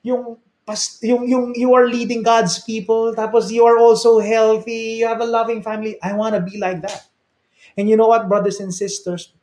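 A man with a Filipino accent preaching in an energetic, rhetorical sermon style, checking in with his listeners and repeating his key lines for emphasis. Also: sits high. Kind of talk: sermon-style motivational talk. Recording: roomy echo.

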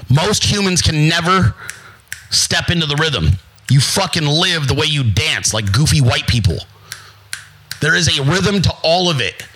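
A man's voice: fairly high pitch, lively intonation, a little slow, fairly bright tone, slightly rough, low-quality recording. A man hosting his own show, giving a brash, profane motivational monologue and mocking other people in put-on voices. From United States. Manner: brash, profane, emphatic, repetitive. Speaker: show host.

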